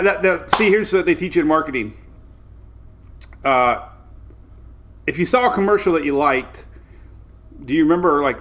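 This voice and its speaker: A man's voice: on the high side, a bit bright. A man hosting a casual weather live stream, rambling cheerfully, greeting viewers by name and laughing often. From Florida.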